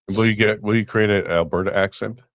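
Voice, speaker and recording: A man with a very deep voice, chatting loosely as a co-host and chuckling often. The sound is close and dry, with no room around it. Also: no room sound. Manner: relaxed, chuckling, rambling. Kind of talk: casual chat.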